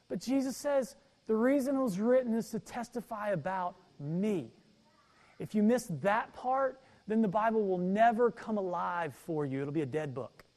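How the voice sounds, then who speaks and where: High-voiced, slow-speaking male pastor preaching. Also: a little mellow. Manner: emphatic, repeats key phrases, reads verses aloud. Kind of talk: sermon.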